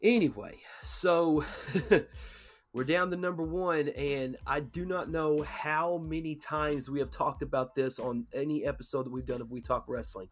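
A man's voice: fairly high pitch, steady tone, measured pace, faint music behind. A man co-hosting a casual podcast, talking loosely, swearing and acting out quoted lines. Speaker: podcast co-host.

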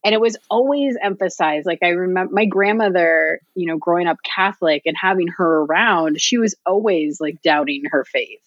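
A woman in casual chat, speaking in a thoughtful, measured way. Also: fairly low pitch, no echo. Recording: dull lo-fi audio.

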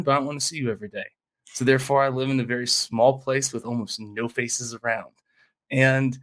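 A man co-hosting a casual political podcast, talking bluntly with swearing and often acting out quoted voices with a laugh. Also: mid-range voice. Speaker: podcast co-host. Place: small mountain town home studio.

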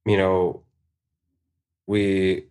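Deep low-voiced guy, tattoo artist on a podcast, chill and swears a lot, lots of "like". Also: completely flat delivery, extremely slow, darkish tone. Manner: laid-back, swears a lot, many "like" fillers. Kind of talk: casual podcast chat. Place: tattoo shop podcast studio.

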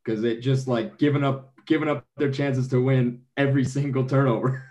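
A man's voice: medium pitch, fairly even intonation, moderate pace, darkish tone. A man chatting casually on a sports podcast, laughing through his remarks.

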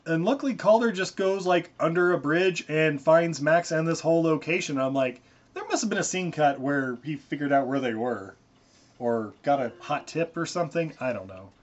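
A man's voice: fairly high pitch, normal speed. A young man hosting a podcast, rambling and laughing through a casual movie recap, sometimes swearing, on a muffled recording. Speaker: podcast host.

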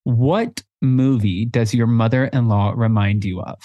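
A man's voice: mid-range voice, fairly even intonation, unhurried, dull audio, slight background noise. A man co-hosting a podcast, chatting casually and playfully and laughing often. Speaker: podcast co-host. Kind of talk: casual chat.

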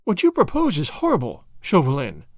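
A man's voice: fairly high pitch, huge pitch swings, fairly quick, darkish tone, dry recording, clean studio sound. A man voicing a proud, spirited young noblewoman who is flippant and indignant in a storybook reading. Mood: haughty.

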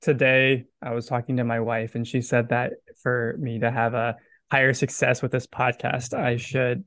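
A man's voice: mid-range voice, level tone, moderate pace, a bit bright, dry recording, studio quality. A man with a Southern US accent hosting a casual podcast chat in a joking, self-deprecating way. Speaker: podcast host.

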